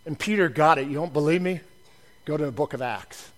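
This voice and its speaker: A high-pitched man delivers a lively sermon as a pastor. He drops to near-murmurs for asides, then builds to loud, emphatic declarations. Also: fairly quick. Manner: dynamic delivery swinging from soft asides to loud emphatic preaching.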